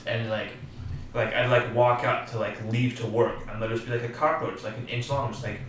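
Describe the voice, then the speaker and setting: A man's voice: medium pitch, little pitch movement, brisk, a bit bright, slight background noise. Jokey man, far off mic and echoey. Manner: rambling anecdote, jokey. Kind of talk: casual chat. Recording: distant, echoey room.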